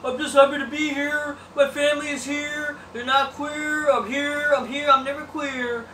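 A man's voice: very high-pitched, level tone, moderate pace, pushed and bright, pitched above the performer's own voice. A man doing a whiny, simpering impression of an overly grateful male wrestler. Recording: roomy distant mic with background noise.

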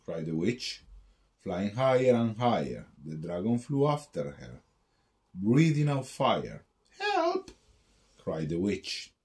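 Guy reading a rhyming kids book at bedtime, low voice, slow, bouncy sing-song. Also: big pitch swings, darkish tone. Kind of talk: reading a picture book aloud.

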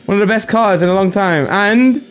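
Young guy hyping up his card pack openings, high voice, gets shouty, bit of music underneath. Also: fairly quick. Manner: hyped, shouting with excitement at pulls. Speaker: host. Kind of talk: excited pack-opening commentary. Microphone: desk microphone with green screen.

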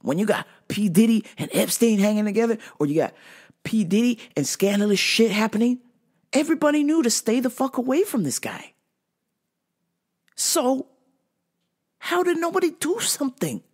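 A woman hosts a podcast alone, ranting with plenty of profanity and telling stories with loads of energy. Her voice sits on the high side, her pace is moderate, and she leaves long pauses.

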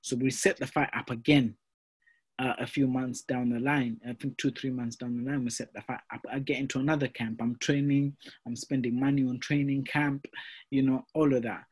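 A young man, a professional boxer, telling his career story in a casual interview, animated and full of fillers like "you know" and "mate". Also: mid-range voice, normal speed, breathy edge.

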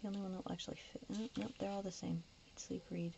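A woman's voice: mid-range voice, steady tone, very fast, creaky, warm tone. A woman chatting casually while decorating a planner, often slipping into a whisper, her voice getting a little tired. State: voice starting to go. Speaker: planner vlogger. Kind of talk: casual plan-with-me chat. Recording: dull lo-fi recording with faint noise.

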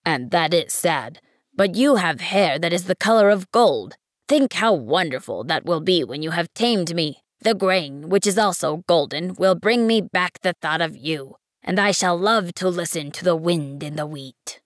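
A woman voicing a wise, patient male fox in an audiobook, speaking in a measured, earnest way. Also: on the low side, expressive, no echo, clean studio sound. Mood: wistful. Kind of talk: audiobook reading.

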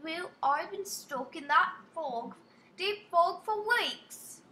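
A woman's voice: very high voice, lively intonation, takes it slowly, sharp tone, roomy sound, voice pushed up, exaggerated voice. A woman voicing a lady in the fog with an attempted British accent, drawn out and lifted. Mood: storybook-polite.

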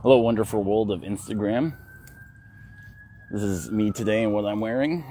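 A man's voice: fairly low pitch, normal speed, dark tone, slight background noise. A man vlogging while walking his dogs down a city street, telling a story frankly and with feeling, with swearing and restarts, into a phone he holds. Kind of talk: casual walk-and-talk vlog.

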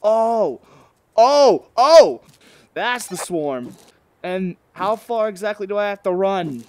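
A man playing a VR game at home, giving casual, excitable commentary through a headset microphone. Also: high-pitched, a little slow. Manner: excitable, exclaiming, joking. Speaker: gaming video creator.

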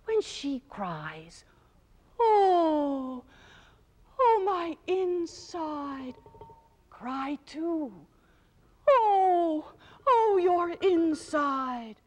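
A woman storyteller voicing a wise old male god, giving instructions in a low hushed whisper. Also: very animated, extremely slow, hardly any pauses, breathy edge, big-room sound, exaggerated voice.

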